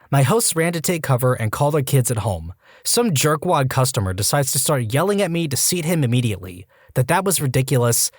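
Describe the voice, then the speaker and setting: Lively, animated male story narrator. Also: medium pitch, no echo, clean studio sound. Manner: animated storytelling, quick asides. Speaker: podcast narrator. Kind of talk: scripted narration of reader stories.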